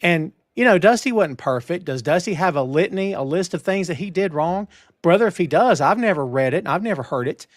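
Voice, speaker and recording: A man hosting a wrestling news talk show, emphatic and animated, with lots of restarts. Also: sits high, a little fast, no echo, clean studio sound. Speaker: podcast host. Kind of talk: casual wrestling news chat.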